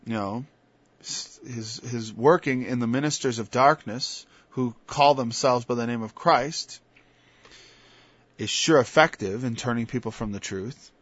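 A man preaching an informal sermon, moving from quiet asides to loud, emphatic passages and quoting scripture in old-fashioned wording. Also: mid-range voice, a little slow, slightly rough, dry recording. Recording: dull, lo-fi sound.

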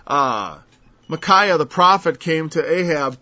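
A man's voice: a little high, lively intonation, slow pace, sharp tone. A man preaching a sermon in an earnest, emphatic way, repeating words as he stresses a point and quoting scripture. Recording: dull lo-fi recording.

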